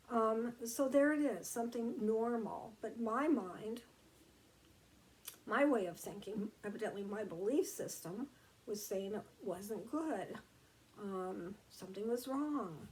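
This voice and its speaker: Gentle high-voiced woman teaching. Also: expressive, measured pace, poor audio. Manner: gentle, meandering, many fillers and restarts. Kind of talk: reflective motivational talk.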